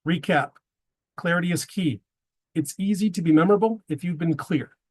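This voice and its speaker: A man's voice: sits high, moderate pace, a little mellow. A man giving a prepared presentation to a men's group, slipping wry dad jokes between his tips.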